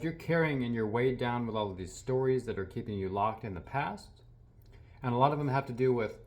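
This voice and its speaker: A man who works as a healing practitioner, speaking earnestly in a soft reflective monologue with frequent pauses and restarts. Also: on the low side. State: a little teary.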